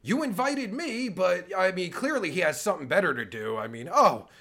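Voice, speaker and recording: A man's voice: sits high, expressive, moderate pace, creaky, sharp tone. A man reacting to a recording of his own interview, swearing heavily and ranting in exasperation. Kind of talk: angry reaction commentary.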